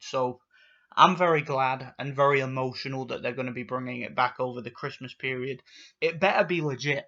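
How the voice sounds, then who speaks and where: A man's voice: medium pitch, sharp tone. A man ranting indignantly in a vlog, stammering and restarting his sentences. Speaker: vlogger. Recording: dull lo-fi recording.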